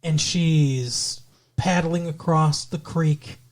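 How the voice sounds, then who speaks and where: A man's voice: fairly high pitch, fairly even intonation, drawn-out words. Man rambling through a TV recap. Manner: rambling, with many restarts and acted-out quotes. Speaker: podcast co-host. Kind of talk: casual chat recapping a TV episode.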